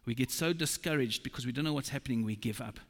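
A man preaching a sermon, slow and emphatic, quoting scripture. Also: medium pitch. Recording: long reverb of a large hall.

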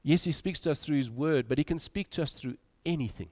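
A man preaching a sermon, moving between loud urging and quiet, soft drops. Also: fairly high pitch, brisk.

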